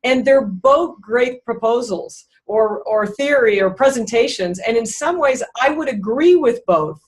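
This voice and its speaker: A woman business coach answering interview questions in a measured, explanatory way, thinking aloud as she goes. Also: a little high, expressive.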